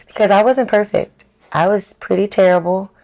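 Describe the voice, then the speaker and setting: A woman's voice: medium pitch, normal speed, warm tone. A woman talking candidly as an interview guest, telling stories with animation and acting out her own past words. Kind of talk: candid casual chat.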